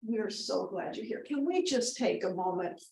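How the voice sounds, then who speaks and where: A woman's voice: mid-range voice, animated, normal speed, vocal fry, a little mellow, slight background noise. An actress playing a rambling middle-aged mother giving a wedding toast, who keeps breaking off to scold and coax her family. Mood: chatty. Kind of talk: comedic monologue. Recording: roomy echo.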